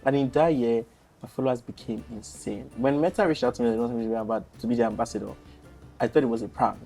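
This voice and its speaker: A young Nigerian man in his twenties chats as a podcast guest, animated and quick to laugh. His voice sits at a middle pitch with a warm, mellow color. Faint music plays underneath. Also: gravelly. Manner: animated, chatty, laughs easily. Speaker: podcast guest, content creator. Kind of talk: casual storytelling interview.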